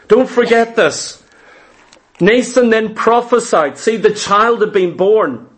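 A man delivering a fervent sermon with a notably high voice for a man. He tells scripture stories with drama, slipping into voices for the people he quotes. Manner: dramatic storytelling preacher, acting out quoted voices. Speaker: preacher.

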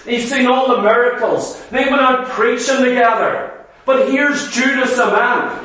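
High-voiced, slow preacher in an echoey hall. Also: male voice, sharp tone, recorded from a distance. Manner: earnest, questioning the congregation. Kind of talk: sermon. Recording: echoey hall, voice away from the mic.

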